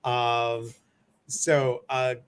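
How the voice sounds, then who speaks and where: A man hosting a casual chat, telling stories in an animated way and acting out the people in them. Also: medium pitch, extremely slow, smooth. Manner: animated storytelling, acts out voices. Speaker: host.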